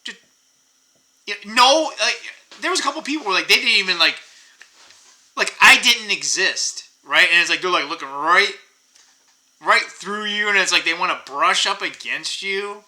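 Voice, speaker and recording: A middle-aged man rants casually to his audience in a voice pitched a little high and strikingly bright. He rambles, swears often and fills his talk with "you know" and "like". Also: expressive, moderate pace, rough recording. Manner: rambling, profane, frequent fillers. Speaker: channel host. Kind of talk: casual rant to camera.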